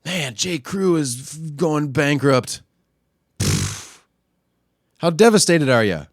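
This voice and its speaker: A man hosting a podcast, ranting casually and crudely, often pushing his voice louder and higher when worked up. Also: huge pitch swings, slow, creaky, no room sound, clean studio sound. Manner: profane, crude trolling rant. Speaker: podcast host. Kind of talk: casual solo rant.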